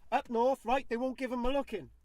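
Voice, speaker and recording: A man's voice: extremely high pitch, steady tone, brisk, darkish tone. A man co-hosting a podcast, ranting in casual opinionated chat and tagging his points with "right?". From England. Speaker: podcast co-host.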